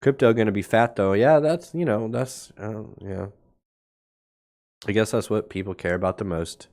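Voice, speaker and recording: Blunt sarcastic man, low voice. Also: moderate pace, darkish tone. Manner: blunt, sarcastic, thinks aloud over charts. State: coughing now and then. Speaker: crypto market show host. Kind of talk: casual livestream market commentary.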